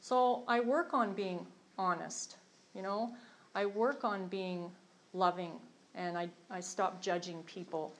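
A woman's voice: mid-range voice, steady tone, takes it slowly, low-quality recording. A middle-aged woman candidly sharing her recovery journey, earnest and self-deprecating, with many fillers and restarts. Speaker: recovery program member sharing her story. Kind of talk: candid personal testimony.

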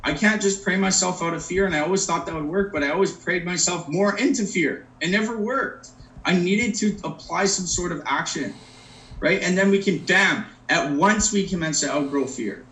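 A man's voice: high voice, normal speed, pushed and bright. A man giving a personal recovery talk, earnest and plain-spoken, who keeps checking in with his listeners by asking "right?". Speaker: recovery program speaker. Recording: roomy echo, mic at a distance.

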